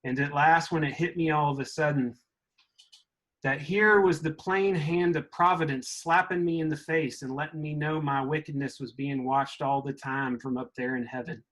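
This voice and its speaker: A man's voice: a little high, steady tone, normal speed, a bit bright, rough recording. A man reading aloud as a young Southern boy wrestling with his conscience, in a mid-Southern US accent, with plain, earnest storytelling. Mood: troubled.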